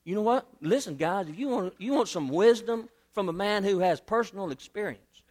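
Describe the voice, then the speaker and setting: A male pastor with a drawl preaches with lively energy, repeating phrases and swinging from hushed asides to loud emphasis. His voice sits high for a man. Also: moderate pace. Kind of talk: sermon.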